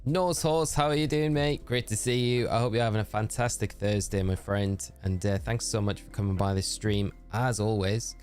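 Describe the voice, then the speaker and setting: A man's voice: lowish voice, fairly even intonation, moderate pace, hardly any pauses, a little mellow, soft background music. Upbeat man chatting on stream. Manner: chatty and upbeat, thanking viewers by name. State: tired voice. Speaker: gaming live streamer. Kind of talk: casual live-stream chat while gaming.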